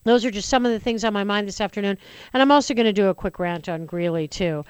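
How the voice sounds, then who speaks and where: A woman's voice: mid-range voice, fast talker, smooth, dry recording. Indignant talk radio host, woman. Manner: chatty and indignant, with sarcastic asides. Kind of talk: opinionated talk radio monologue.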